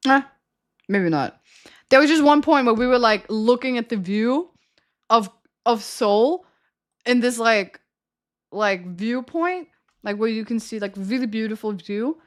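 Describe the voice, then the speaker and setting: A woman's voice: a little high, a little slow, pauses often. A young woman streamer telling a story in casual chat, rambling and laughing often. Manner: rambling, chatty, with frequent laughter and "like" fillers.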